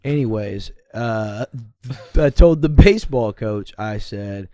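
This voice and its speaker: A man's voice: on the low side, slow, mellow, no echo, clean studio sound. Laid-back young man rambling through stories. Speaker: podcast co-host. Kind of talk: casual storytelling chat.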